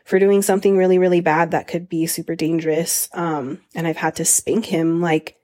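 A woman's voice: on the low side, flat delivery, normal speed, mellow. A woman in her thirties, a mother hosting a podcast, chatting casually with frequent laughs and fillers. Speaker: podcast host. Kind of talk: casual chat.

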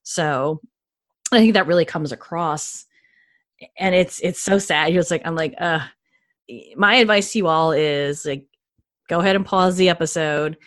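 A woman co-hosting a podcast, chatting enthusiastically with many quick restarts. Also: lowish voice, fairly bright tone, no echo, studio quality. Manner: enthusiastic, gushing, frequent restarts. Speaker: podcast co-host. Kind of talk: casual podcast chat.

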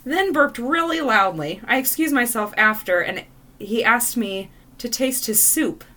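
A woman's voice: a little high, unhurried. A woman co-host reading dating stories aloud and reacting with laughter. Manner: expressive, laughs often.

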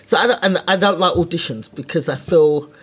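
Female comic, raspy-edged, blunt and self-deprecating, swears freely. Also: fairly low pitch, a little fast. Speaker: stand-up comedian. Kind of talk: casual podcast chat.

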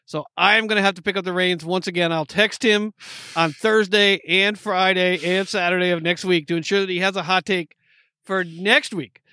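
A young man co-hosting a casual sports podcast, excitable and joking, rattling off lists. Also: high voice, clean tone, dry recording, clean studio sound. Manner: excitable, joking, rapid listing. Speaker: podcast co-host.

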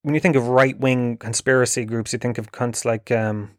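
A man's voice: medium pitch, level tone, moderate pace, dry recording. Irish guy ranting and swearing a lot, sarcastic, rambly, dry close sound. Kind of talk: ranting comedic monologue.

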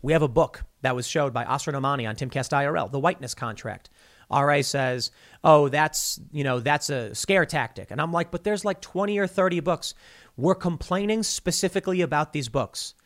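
A male podcast host giving a heated monologue, animated and stammering often as he restarts his sentences. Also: a little high, a little fast. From United States.

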